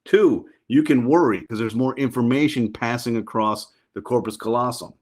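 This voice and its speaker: Animated and upbeat, this middle-aged guest on a podcast trades easygoing interview talk. When he gets into an anecdote, his pitch quickly rises.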